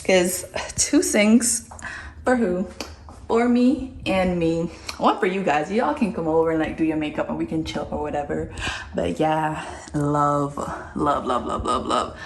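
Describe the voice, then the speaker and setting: A woman giving a casual, excited tour of her new apartment, chatty and playful with slang, filming on her phone. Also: low-pitched, unhurried, a little hiss or hum. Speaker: vlogger. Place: large empty apartment indoors. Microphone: phone held in hand. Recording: echoey empty rooms, phone mic.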